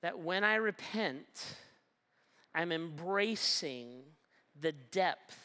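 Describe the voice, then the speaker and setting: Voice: mid-range voice, fairly bright tone, smooth. A pastor preaching a sermon with emphasis, repeating phrases and asking the listeners questions. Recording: long hall reverb.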